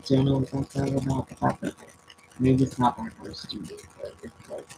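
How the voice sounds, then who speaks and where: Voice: mid-range voice, monotone, moderate pace, background noise. A spiritual coach giving a casual oracle card reading and prayer at home, musing aloud and often trailing off mid-thought.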